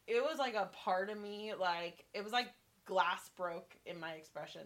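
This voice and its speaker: A woman's voice: mid-range voice, normal speed, fairly bright tone. A woman co-hosting a podcast, telling a personal story in a candid, reflective way. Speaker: podcast co-host. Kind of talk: casual chat.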